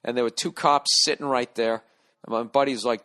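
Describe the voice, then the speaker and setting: A middle-aged American man hosting a podcast, telling a profane, animated comic story and acting out the people in it. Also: mid-range voice, brisk. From United States. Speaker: podcast host. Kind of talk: casual comedic monologue.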